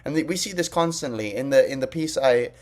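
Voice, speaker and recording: A man's voice: medium pitch, expressive, brisk, a little mellow. Young man giving a casual class talk. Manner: conversational, explaining on the fly. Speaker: student presenter. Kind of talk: class presentation.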